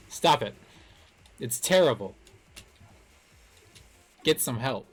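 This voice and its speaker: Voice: mid-range voice, animated, takes it slowly, long pauses, soft background music. A streamer giving live gameplay commentary, playful and laughing, joking about attempts at silly accents.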